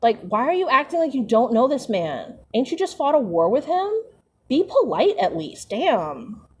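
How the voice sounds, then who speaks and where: A woman's voice: sits high, sing-song, moderate pace, breathy edge. A young woman streaming a book read-along, breaking off into sarcastic, profane commentary full of fillers. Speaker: streamer reading a book aloud. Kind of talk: casual commentary while reading aloud.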